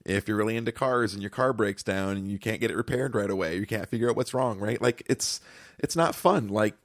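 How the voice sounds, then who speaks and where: A man's voice: lowish voice, brisk, dry recording, studio quality. A man co-hosting a podcast in casual chat, easygoing and reassuring, full of fillers. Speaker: podcast co-host.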